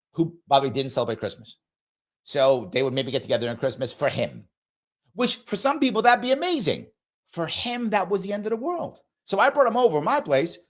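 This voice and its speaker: Middle-aged male show host, earnest conversational monologue, animated pitch. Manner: earnest and conversational, acts out quoted dialogue. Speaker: host of a live discussion show. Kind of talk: casual live monologue.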